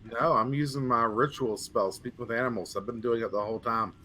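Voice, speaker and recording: A man playing in a tabletop game, chatting eagerly and excitably. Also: mid-range voice, a little fast, slight background noise. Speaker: player. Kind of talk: casual tabletop game chat.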